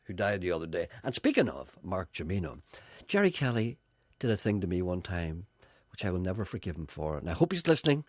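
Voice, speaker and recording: A man's voice: lowish voice, husky, no room sound, clean studio sound. A man presenting a radio show and telling anecdotes in a chatty way, acting out the voices of the people in his stories. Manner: animated, acts out voices in anecdotes.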